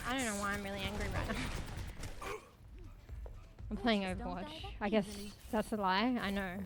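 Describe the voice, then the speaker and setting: A woman streaming a game, giving live commentary, cursing often and shouting callouts to teammates. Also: medium pitch, steady tone, moderate pace, noisy background. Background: background music.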